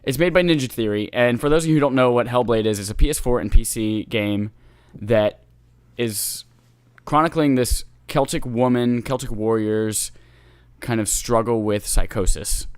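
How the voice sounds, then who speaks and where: A man co-hosting a gaming podcast, talking with enthusiasm and a joking, teasing streak. His voice sits at a middle pitch and sounds close and dry, with no room around it. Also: normal speed, smooth, dry recording. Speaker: podcast co-host. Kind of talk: casual gaming podcast chat.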